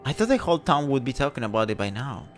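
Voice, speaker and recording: A man voicing a flustered woman village mayor who sounds fretful, prim and high-strung. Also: very animated, quick pace, faint music behind, lightly acted.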